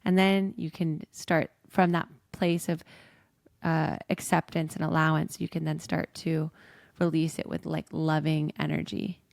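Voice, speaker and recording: A woman's voice: low voice, level tone, unhurried, creaky, a little mellow, dry recording, clean studio sound. A woman coach talking casually as a podcast guest, chatty and full of "like" fillers.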